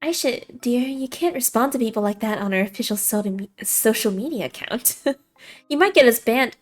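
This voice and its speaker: A woman's voice: on the high side, lively intonation, moderate pace. A woman voicing a fierce, protective young woman coworker as she reads a visual novel aloud, talking in a hostile, scornful, confrontational way. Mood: playful.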